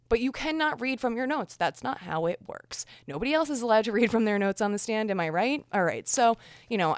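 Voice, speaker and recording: Woman, podcast host, casual commentary, frank, chatty, mid pitch, dry close recording. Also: dry recording. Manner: frank, chatty, full of fillers and restarts.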